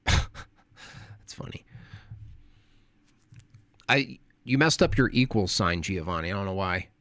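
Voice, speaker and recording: A man's voice: low-pitched, animated, moderate pace, fairly bright tone, dry recording. Man, streamer, sarcastic, combative, mocking his chat, dry close mic. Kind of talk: casual live-stream chat.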